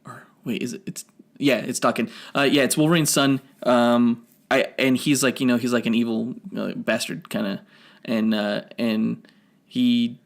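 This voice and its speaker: Gravelly man rambling through a film review. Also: medium pitch, fairly even intonation, normal speed. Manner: rambling, self-correcting, nerdy detail. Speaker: podcast co-host. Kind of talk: casual review chat.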